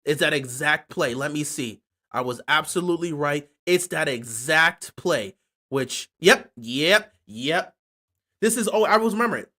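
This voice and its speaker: A man's voice: a little high, expressive, unhurried, bright, forceful tone. A man hosting casual sports talk, impassioned and repeating himself with stammering restarts. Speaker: sports channel host.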